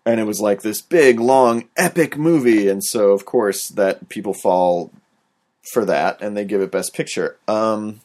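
A man with a fairly low voice, talking through a movie in a loose, rambling way. He fills his sentences with "like" and "um" as he chats casually with a co-host. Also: measured pace. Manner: relaxed, rambling, frequent fillers and "like". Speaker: podcast co-host. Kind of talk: casual movie review chat.

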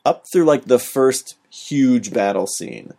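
A man co-hosting a podcast, reviewing a film in a relaxed, rambling way, with many fillers. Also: medium pitch, takes it slowly, gravelly. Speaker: podcast co-host. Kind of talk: casual movie review chat.

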